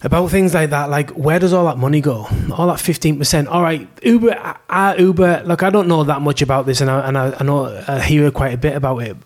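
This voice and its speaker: A man's voice: a little high, brisk, hardly any pauses. A man in casual chat, blunt and opinionated, swearing freely.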